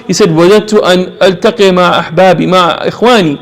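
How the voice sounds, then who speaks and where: A man's voice: high-pitched, a little fast, few pauses. A man giving an impassioned religious lecture, repeating phrases for emphasis.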